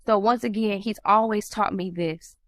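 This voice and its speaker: A woman's voice: moderate pace, dry recording. Woman on a podcast, retelling family drama, voice jumps way up when she quotes people, dry close sound. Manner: animated, acts out quoted dialogue with rising pitch. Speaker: podcast host. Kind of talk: emotional personal storytelling.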